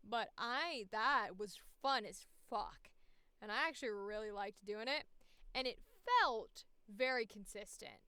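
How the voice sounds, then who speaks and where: A woman voice actor talks through her auditions in a candid, profane, self-deprecating way, with hiccups breaking in. Her voice is smooth and clear, a little high, and it sounds dry and close. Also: expressive, measured pace, pushed and bright, no echo. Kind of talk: casual audition commentary.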